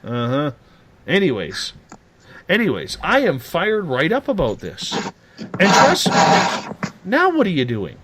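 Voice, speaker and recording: A man hosting a late-night radio talk show, animated and teasing as he rants. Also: on the high side, unhurried, background noise.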